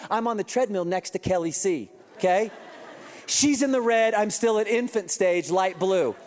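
A man preaching a sermon, telling a funny story with quoted voices and lively asides. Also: high-pitched, a little slow. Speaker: pastor. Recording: reverberant hall.

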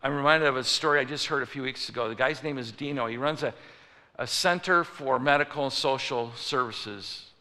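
Bright-voiced preacher in a big hall. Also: male voice, mid-range voice, a little fast. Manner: storytelling preacher, acts out voices. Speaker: pastor. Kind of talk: sermon. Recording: long reverb of a large hall.

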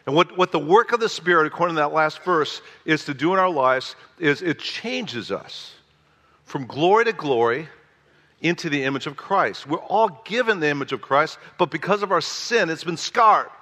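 A man in his sixties preaching a sermon in a church, reading scripture and telling stories with animated emphasis that rises on key phrases. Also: on the high side, normal speed. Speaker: pastor. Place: church sanctuary. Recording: long echoing church hall reverb.

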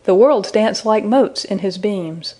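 Sulky proud young man, read by a woman, scornful, afraid of the dark, mellow low voice, storybook. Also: takes it slowly. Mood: pleading.

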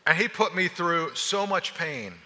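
A middle-aged man preaching a sermon, an animated storyteller who acts out his own lines. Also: on the high side, a little slow, a little hiss or hum. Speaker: pastor. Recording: long hall reverb.

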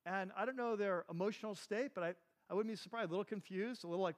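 Speaking quickly with few pauses, a man whose voice sits high gives a conversational sermon as a Bible teacher. He's a pastor running a Bible class, asking his listeners questions and frequently using "like" and "right."

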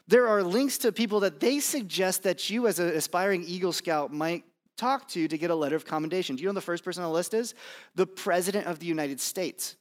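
Casual, joking male pastor preaching. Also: sits high. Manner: conversational, self-deprecating, pauses with fillers. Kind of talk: sermon. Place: church campus.

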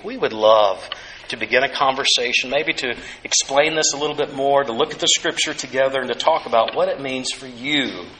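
A male pastor preaching a sermon, earnest and gentle, repeating key phrases softly for emphasis. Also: mid-range voice, slight background noise, rough recording.

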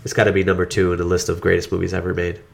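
A man jokes around in a casual podcast chat, swearing freely as he rants about movies. His voice is very low with a heavy gravelly rasp. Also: very fast. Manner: joking, animated storytelling with profanity. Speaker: podcast co-host.

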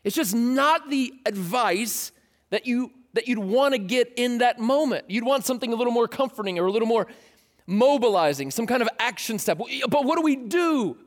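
Man, pastor, high-pitched voice, casual joking sermon, conversational. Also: expressive, moderate pace.

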